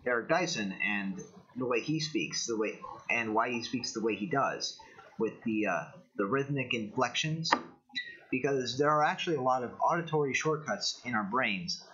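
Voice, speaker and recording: A man's voice: mid-range voice, lively intonation, moderate pace, bright, forceful tone, slightly rough. A young man with a Californian American accent, hosting a casual livestream of political commentary, rambling with opinions and answering chat. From United States. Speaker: livestream host. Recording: dull lo-fi stream audio.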